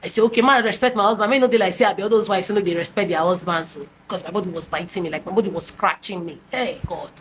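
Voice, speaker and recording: A Nigerian woman telling a personal story to her viewers in an animated, casual way, slipping into Pidgin with many restarts and fillers. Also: lowish voice, fast talker, hardly any pauses, a little hiss or hum, poor audio. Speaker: storytime vlogger.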